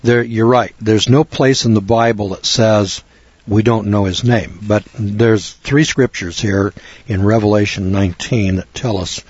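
A man's voice: lowish voice, a little mellow, breathy edge, no room sound, highs cut off. An older American man giving informal, rambling Bible teaching in a folksy manner with frequent restarts. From United States.

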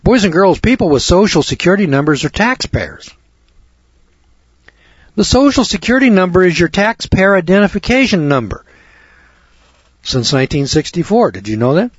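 Guy lecturing a class, folksy, keeps asking rhetorical questions, bit husky, muffled lo-fi tape. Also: sits high, sing-song, moderate pace, long pauses, no room sound. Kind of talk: lecture to students. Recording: dull lo-fi recording.

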